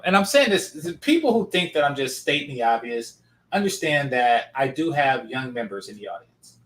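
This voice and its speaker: A man's voice: mid-range voice, fairly bright tone. Male reaction host, blunt and sarcastic, casual talk. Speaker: commentator reacting to a clip.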